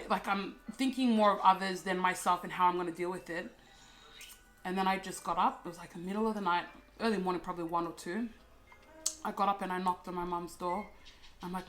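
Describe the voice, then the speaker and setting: Soft-spoken young woman, halting and candid. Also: on the low side, fairly even intonation, faint music behind. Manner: halting, soft, many fillers and restarts. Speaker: co-host. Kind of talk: candid personal story.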